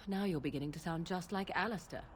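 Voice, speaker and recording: A woman's voice: lowish voice, fairly quick, big-room sound, slight background noise, close to an everyday voice. An actress playing a sardonic young witch who mocks others with dry, cutting sarcasm in a video game. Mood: sarcastic.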